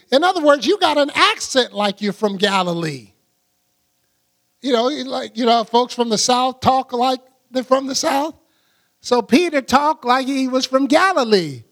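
A man's voice: extremely high pitch, a bit bright. A man preacher giving conversational Bible teaching, chatty, laughing often and acting out scenes.

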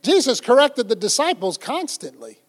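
High-voiced older male preacher. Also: sing-song, normal speed. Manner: folksy, conversational preaching with quoted asides. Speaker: pastor. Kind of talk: sermon.

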